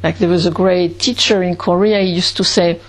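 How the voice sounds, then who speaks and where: A woman teaching Zen meditation in a calm, reflective way, pausing often between phrases. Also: lowish voice. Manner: slow, calm and reflective, with long pauses.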